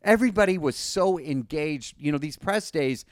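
A man's voice: fairly high pitch, expressive, normal speed, no room sound, clean studio sound. A man hosting a podcast, talking casually and enthusiastically, often repeating and restarting words. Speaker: podcast host.

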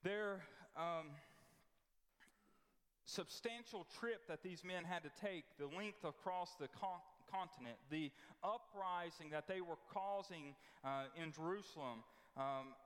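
Emphatic preacher in a reverberant church hall. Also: male voice, fairly high pitch, fairly bright tone. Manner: folksy, emphatic preaching with repetitions. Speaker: pastor. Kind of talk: sermon. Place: church sanctuary.

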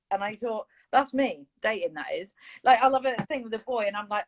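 A woman's voice: on the high side, lively intonation, a little fast, few pauses, dull audio. A woman co-hosting a podcast in casual, rambling, self-mocking chat. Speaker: podcast co-host.

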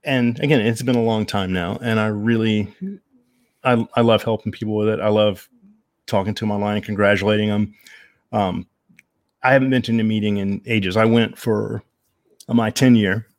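A man talking as a podcast guest, telling his personal story in a candid, reflective, measured way with frequent pauses and ums. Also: lowish voice, fairly even intonation.

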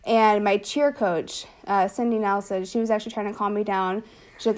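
A woman's voice: medium pitch, fairly even intonation, moderate pace, a little mellow. A young woman telling a personal story in casual conversation, chatty and full of fillers, laughing now and then. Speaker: older sister telling her story.

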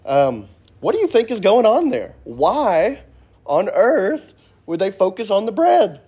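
A man's voice: high-pitched, very animated, unhurried, mellow, breathy edge, highs cut off. A man teaching a casual Sunday Bible class in a church classroom, joking and asking the class questions.

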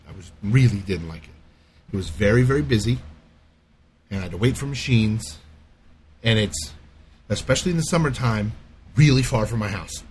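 A middle-aged man in casual podcast chat, telling a profane, animated rant. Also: mid-range voice, a little hiss or hum. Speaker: podcast co-host.

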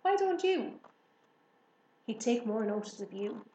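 A sensible, kindly village woman in a storybook, a woman reading the part, slow and on the high side. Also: big pitch swings, dark tone, reverberant, dull audio, a little hiss or hum.

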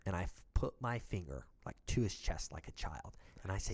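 Casual male storyteller, lively and profane, mimics the people in his story. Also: medium pitch, fast talker, hardly any pauses. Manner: animated, swearing, acts out quotes of others.

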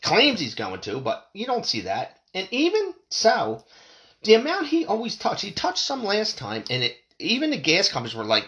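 A man's voice: sits high, wildly swooping pitch, normal speed, bright, forceful tone. A man ranting about politics and prices in a fired-up, swearing monologue as a podcast host. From United States. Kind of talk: profane political rant.

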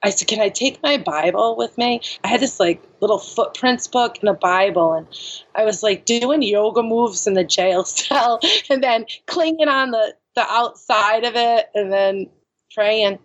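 A woman's voice: a little high, a little slow, muffled recording. A woman speaking as a podcast guest, telling her own story candidly and frankly, filling her speech with "like" and "you know.".

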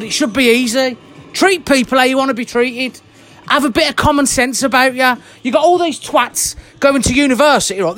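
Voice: sits high, fairly bright tone. A vlogger delivering an angry monologue rant, blunt and heated, swearing constantly and sweating. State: worked up and sweating.

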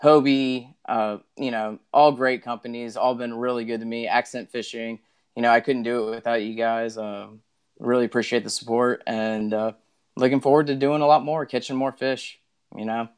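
A young man with a clear, smooth voice talks as a guest on a casual podcast. He speaks modestly and fills his sentences with you know and um. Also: medium pitch, steady tone, moderate pace. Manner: modest, uses many fillers like you know and um. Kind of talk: casual interview talk.

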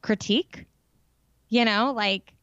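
A woman co-hosting a podcast chats casually and frankly about a TV show, sharing strong opinions and saying "like" a lot. Her voice is fairly high, a bit bright, clear and resonant, and she speaks slowly. The audio is dull with no echo.

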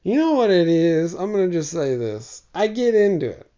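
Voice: medium pitch, big pitch swings, normal speed, warm tone, muffled recording. A podcast host chatting casually on their own, rambling and poking fun at themselves in a loose, crude way. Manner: rambling, self-mocking, crude. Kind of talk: casual solo chat.

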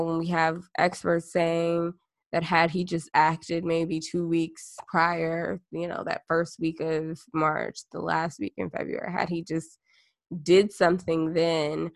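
Gravelly low-voiced woman podcast host. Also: little pitch movement, unhurried, no echo, clean studio sound. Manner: blunt, profane, laughs often. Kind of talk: casual chat.

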